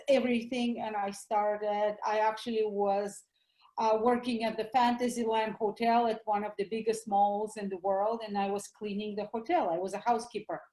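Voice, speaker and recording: A woman's voice: mid-range voice, dark tone, reverberant, poor audio. A middle-aged woman with a Russian accent, a doctor speaking as a guest in an interview, earnest and enthusiastic. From former Soviet Union. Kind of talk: interview over the line.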